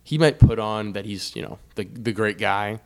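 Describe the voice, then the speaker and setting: A young man co-hosting a podcast, chatting casually about sports with an animated, joking manner and frequent asides. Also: on the low side, normal speed. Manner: animated, laughing, trailing off into asides. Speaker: podcast co-host.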